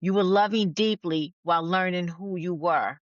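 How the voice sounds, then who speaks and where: A woman's voice: lowish voice, moderate pace, no echo. A woman podcast guest who is a speaker and author. She reads a letter to her younger self earnestly, then chats candidly. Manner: earnest and affirming when reading, chatty and candid when talking. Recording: dull lo-fi audio.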